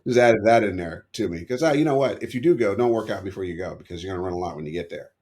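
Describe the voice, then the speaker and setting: A man's voice: low voice, lively intonation, rapid-fire, darkish tone. A middle-aged man telling rambling, self-correcting stories as a podcast guest. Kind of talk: storytelling in an interview.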